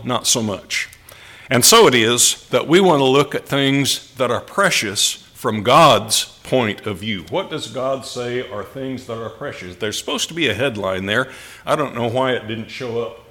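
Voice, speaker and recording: Slow, deliberate male preacher. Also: mid-range voice, pushed and bright. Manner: slow, deliberate delivery with pauses for emphasis. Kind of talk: sermon.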